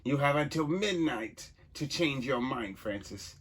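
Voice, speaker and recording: A man's voice: mid-range voice, expressive, a little slow, a bit bright, breathy edge, voice pushed up. A man voicing a grinning, menacing male clown villain in a comic book reading, talking in a theatrical, taunting sing-song. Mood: menacing glee.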